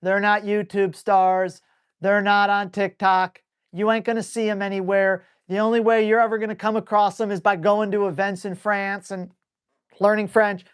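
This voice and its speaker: A man working as a dog trainer, answering viewer questions on a live stream in a blunt, rough-talking way and playfully scolding dogs out loud. He is animated, speeding up and then drawing words out. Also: high voice. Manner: animated, switches between brisk and drawn-out speech. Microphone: live stream mic.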